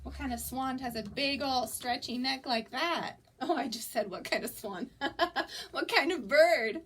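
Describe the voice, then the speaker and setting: A woman's voice: high-pitched, moderate pace, slight background noise. A young woman librarian reading a picture book aloud at toddler story time, coaxing the children to join in. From United States. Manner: sing-song, animated, coaxing children to join in.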